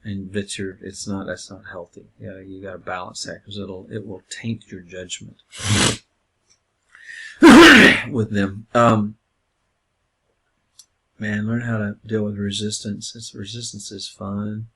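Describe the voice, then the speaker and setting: A man's voice: on the low side, slow pace, long pauses, pushed and bright, a little hiss or hum. A man teaching a counseling class in a casual, conversational lecture style, with lots of filler words. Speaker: counseling instructor. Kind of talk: recorded lecture.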